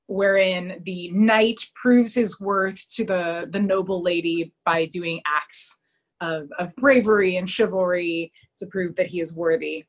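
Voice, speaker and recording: A woman in casual podcast chat, retelling scenes with lots of fillers and quick quoted voices. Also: on the low side, rough recording. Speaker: podcast co-host recapping a TV episode.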